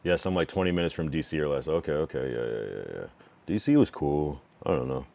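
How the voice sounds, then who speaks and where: A man's voice: extremely low pitch, lively intonation, creaky, dark tone. A man from New England streaming live, reading his chat aloud and answering it in a frank, loose, slang-filled way. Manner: drawn-out slang-filled musing with many fillers. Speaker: livestreamer giving feedback to chat. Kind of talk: casual livestream chat.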